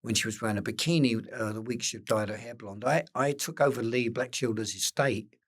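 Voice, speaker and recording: An older man with an Essex accent, telling lively anecdotes as an interview guest and acting out the quotes. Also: mid-range voice, fairly quick, husky. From England. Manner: animated anecdotes with acted-out quotes, occasional swearing. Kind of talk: casual storytelling interview.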